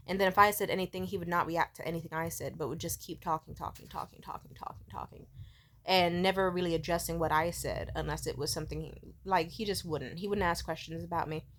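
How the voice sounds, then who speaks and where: A young woman vlogging in a casual, swear-filled storytelling way, acting out the people she quotes. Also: on the low side. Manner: profane, animated, acts out quoted people.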